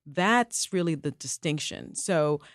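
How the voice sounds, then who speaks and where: A woman's voice: sits low, expressive, no room sound, clean studio sound. A woman co-hosting a podcast, giving her opinions in an emphatic, casual way. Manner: emphatic, opinionated, quick asides. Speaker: co-host.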